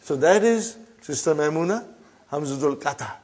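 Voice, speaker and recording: A man with a fairly high voice, teaching Arabic grammar to an online class. He says each phrase slowly, then explains it in quick English and asks his brothers and sisters if they follow. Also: animated, a little mellow. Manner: addresses students as brothers and sisters, checks understanding with "huh?".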